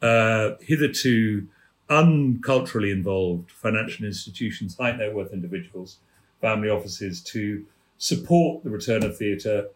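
A man, a theatre producer telling anecdotes on a chat show, animated and laughing as he goes. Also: on the low side, roomy sound. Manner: animated storyteller, laughing mid-story.

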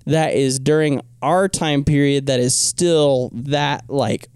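A man's voice: mid-range voice, takes it slowly, a little mellow, smooth, no echo, clean studio sound. A young man co-hosting a podcast, chatting casually with a playful, teasing manner and laughing often. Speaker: podcast co-host. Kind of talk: casual chat.

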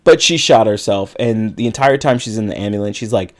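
A man's voice: fairly low pitch, a little fast. A man co-hosting a podcast, casually retelling a film's plot in a rambling way with lots of filler words. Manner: rambling retelling with many likes and you-knows. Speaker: podcast co-host. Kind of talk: casual movie recap.

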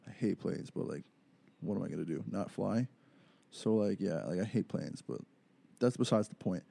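Young man, podcast host, low voice, dark gravelly tone, profane rambling chat. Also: animated, normal speed, dry recording. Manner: profane, rambling storytelling with frequent fillers.

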